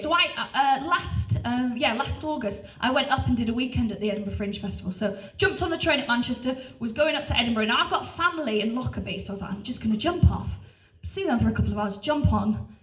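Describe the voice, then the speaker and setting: A woman performing a stand-up comedy set on a club stage, brash and punchy, swearing freely between bursts of crowd laughter. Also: on the high side. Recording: roomy live venue, distant, crowd laughter.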